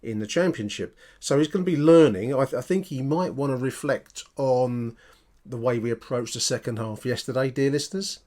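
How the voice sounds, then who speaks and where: A man hosting a podcast, reacting to listener voicemails in a measured, slightly formal manner and addressing his listeners directly. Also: medium pitch, a little mellow. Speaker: podcast host. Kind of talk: podcast commentary.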